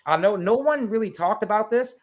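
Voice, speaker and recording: A man with a slightly higher voice, talking on a remote call and telling a story with lots of energy. He rambles, swears and piles on fillers as he goes. The call audio has that typical video-chat sound. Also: expressive, a little fast. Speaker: guest. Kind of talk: casual podcast chat.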